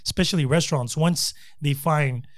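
A man with a somewhat high voice jokes and pushes his point during a loose, casual chat. He sounds animated and keeps the banter moving. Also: normal speed. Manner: joking, animated debater.

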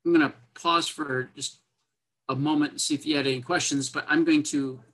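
A man's voice: fairly high pitch, fairly even intonation, fairly quick, a bit bright, poor audio. A man, a military officer, tells a personal story to a podcast host in an earnest, unpolished way. His speech is full of fillers, and he often acts out quoted dialogue as he goes.

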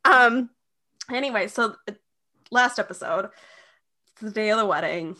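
A woman hosting a casual podcast chat, retelling a TV episode in a lively way with lots of fillers. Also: mid-range voice, measured pace. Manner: animated retelling, slipping into quoted voices; frequent fillers and "like". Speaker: podcast co-host.

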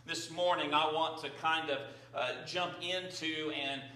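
Bright-voiced pastor in a roomy sanctuary. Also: male voice, on the high side, fairly even intonation, a little slow. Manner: prayerful, conversational with fillers. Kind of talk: sermon. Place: church sanctuary. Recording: roomy, distant from the mic.

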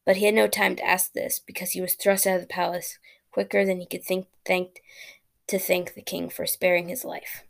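A woman reading a fairy tale aloud as a storyteller, plain and steady, with small slips and restarts. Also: fairly low pitch, moderate pace, vocal fry.

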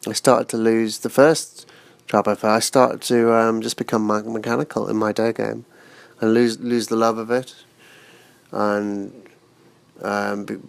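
Gravelly low-voiced man, halting. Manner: halting, restarts words, crude and frank. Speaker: guest. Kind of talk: casual interview chat.

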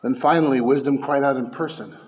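A man preaching a sermon as pastor, fervent and emphatic, dropping to hushed lines and rising to loud peaks. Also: medium pitch, brisk.

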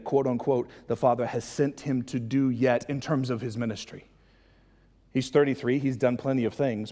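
A man preaching a sermon as pastor, casual and animated, breaking into excited high-pitched voices to act out lines. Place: church hall. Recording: long hall reverb.

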